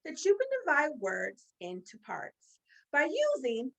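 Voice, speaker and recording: Slow, sing-song woman teacher. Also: high voice, wildly swooping pitch, creaky, dull audio. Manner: slow, sing-song and encouraging, drawing out words. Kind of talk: children's phonics lesson.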